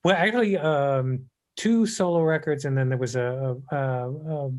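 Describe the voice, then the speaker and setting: A man from Illinois, a guest musician answering interview questions in a halting way, with many pauses and fillers. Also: mid-range voice, darkish tone. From Illinois, USA.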